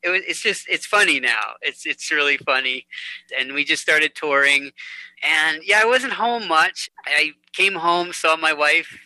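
Bright-voiced male musician telling stories. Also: mid-range voice, dry recording, rough recording. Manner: chatty storyteller, laughs easily, repeats words. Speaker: musician guest. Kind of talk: conversational interview.

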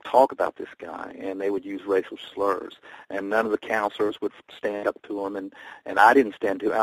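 A man from the American South, a guest on a talk show, telling rambling, animated personal stories. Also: lowish voice, creaky, no echo, rough recording. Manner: rambling, animated storytelling with laughs. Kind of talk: storytelling in conversation.

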